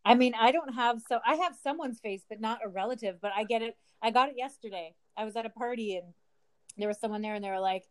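A woman's voice: on the high side, quick pace. A woman co-hosting a casual podcast, chatting and laughing as she recounts odd encounters. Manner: chatty, laughs often, retells encounters with quoted dialogue. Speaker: podcast co-host. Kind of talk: casual chat.

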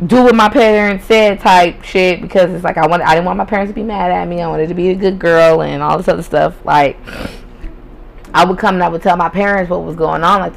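A woman's voice: medium pitch, rough recording. A young woman tells her own story on a podcast in a loose, conversational way. She is blunt and profane and breaks into laughter often. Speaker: podcast host. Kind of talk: casual storytelling.

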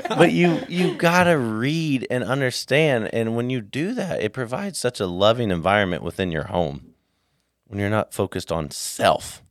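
A man's voice: mid-range voice, normal speed. A man co-hosting a podcast, chatting casually and telling stories with acted-out dialogue. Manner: animated storyteller acting out dialogue. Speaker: podcast co-host. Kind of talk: casual chat, storytelling.

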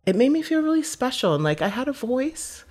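A woman's voice: high voice, big pitch swings, fairly quick, darkish tone. A woman guest telling a personal story in a heartfelt, vivid way, often restarting her phrases.

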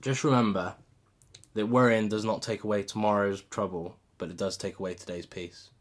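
A man's voice: fairly low pitch, fairly even intonation, normal speed, noisy background. A man co-hosting a podcast, talking through advice in a casual, reflective way. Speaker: podcast co-host. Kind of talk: casual chat.

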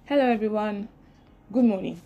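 Nigerian woman, young adult, solo podcast host; chatty, ranty, quick to laugh. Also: medium pitch, lo-fi sound, over loud music. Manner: chatty, ranting, laughs often. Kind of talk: casual solo podcast monologue.

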